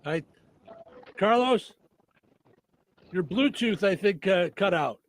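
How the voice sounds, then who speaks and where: A man's voice: high-pitched, lively intonation, slow, a little hiss or hum. A man hosting a radio talk show, chatting plainly and reading out show details with some fillers. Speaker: radio host.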